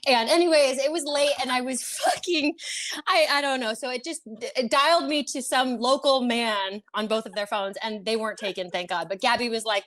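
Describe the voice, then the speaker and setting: A woman's voice: a little high, steady tone, normal speed, a bit bright. A woman who works as a reality TV producer tells a story on a podcast with drama and plenty of swearing, acting out her own panic. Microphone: podcast studio mic.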